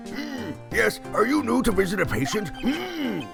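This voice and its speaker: A man's voice: high-pitched, sing-song, gravelly, over music, pitched above the performer's own voice, heavily acted. A man doing a creepy twangy fake clinic director. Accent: Southern US twang, put on. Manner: creepy, drawn-out "hmm, yes", giggling. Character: leering lecherous male impostor clinic director. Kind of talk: video game let's play voice acting.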